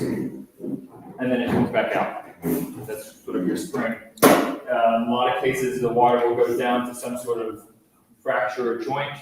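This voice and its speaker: A man's voice: mid-range voice, noisy background. Distant, echoey man giving a ranger talk. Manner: loose, conversational explaining with many fillers. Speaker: park ranger and historian. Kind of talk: guided talk to visitors. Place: indoor room with a group. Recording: very echoey room, voice from far off.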